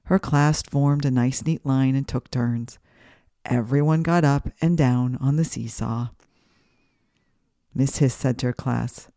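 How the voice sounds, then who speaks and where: A woman's voice: rumbling low, measured pace, dark tone, no room sound, studio quality. A woman hosting a children's podcast, reading a story aloud and guiding breathing exercises in a sing-song, guiding way.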